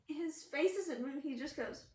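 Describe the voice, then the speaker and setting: Giggly high-voiced woman co-host. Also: a little mellow, far from the mic. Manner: chatty, giggly, quick jokes. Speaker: podcast co-host. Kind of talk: casual chat reacting to an episode. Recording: roomy room, away from the mic, faint hiss.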